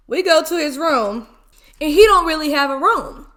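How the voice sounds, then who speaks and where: A woman in her twenties telling a story casually while eating, animated and full of slang and exclamations. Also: sits high, normal speed. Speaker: mukbang vlogger.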